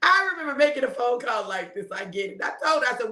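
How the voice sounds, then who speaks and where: A woman's voice: a little high, animated, fast talker, pushed and bright, slight background noise. A middle-aged woman who preaches, telling a family story in a casual, heartfelt way and laughing often. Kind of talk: casual motivational talk. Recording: roomy echo.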